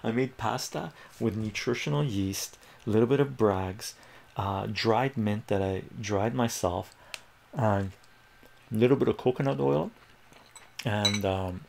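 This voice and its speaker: A man's voice: fairly low pitch, takes it slowly, vocal fry, pauses often, slight background noise. A man on a livestream, telling a rambling personal story and chatting casually with viewers. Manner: rambling, acts out quoted voices, chats with viewers. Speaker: livestream math tutor.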